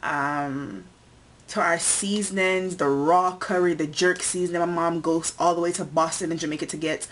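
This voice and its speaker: A woman's voice: on the low side, fairly even intonation, normal speed, slight background noise. A young woman born in the United States, chatting casually in a tag video and listing things one by one with many fillers. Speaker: vlogger.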